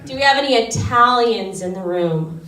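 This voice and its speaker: A woman's voice: on the high side, expressive, normal speed, a bit bright. A woman performing a self-mocking stand-up set on a comedy club stage, with wry asides. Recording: roomy club sound from a distance.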